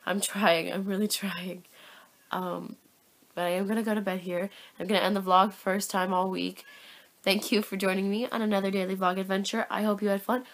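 Gravelly-voiced young woman vlogging. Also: mid-range voice, a little fast. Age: young adult. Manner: chatty, apologetic, tired at times; gushing excitement around animals. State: tired. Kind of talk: casual daily vlog.

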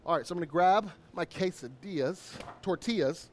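A man's voice: sits high, moderate pace, a little hiss or hum. A man, a chef doing a live cooking demo in an upbeat, chatty way. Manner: upbeat, chatty, lots of shout-outs.

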